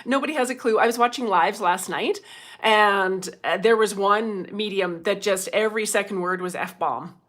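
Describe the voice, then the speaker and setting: A middle-aged woman, hosting a casual livestream as a medium, chatty and quick to laugh, greeting viewers by name. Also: mid-range voice, fairly bright tone.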